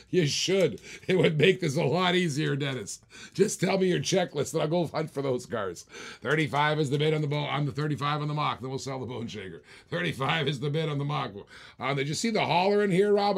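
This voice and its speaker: A man's voice: a little high, vocal fry. A man hosting a live-streamed auction, calling bids in a chatty, joking way and repeating each bid.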